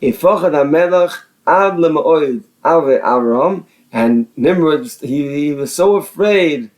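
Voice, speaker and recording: Speaking slowly and expressively in a fairly high, slightly mellow voice, a man teaches Torah by reading Hebrew phrases aloud and giving each a casual English translation. He frequently repeats words and starts over.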